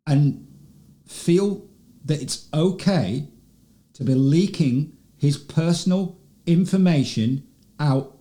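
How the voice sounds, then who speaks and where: A man hosting political commentary, talking slowly and emphatically, repeating words for stress and asking rhetorical questions. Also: medium pitch, warm tone. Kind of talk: slow deliberate commentary.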